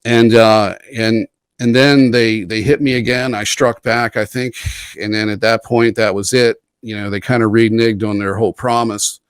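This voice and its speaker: A man's voice: on the low side, steady tone, moderate pace, smooth, no room sound. A man as an interview guest, telling a long first-person story in a rambling, earnest way, often restarting and quoting others. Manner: rambling and earnest, with frequent restarts and quoted dialogue.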